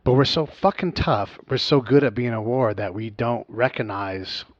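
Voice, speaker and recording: A man's voice: medium pitch, moderate pace, dry recording, dull audio. A man hosting a podcast, talking earnestly to his listeners with some swearing. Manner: earnest, profane, talks straight to listeners. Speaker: podcast host. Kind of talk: casual interview.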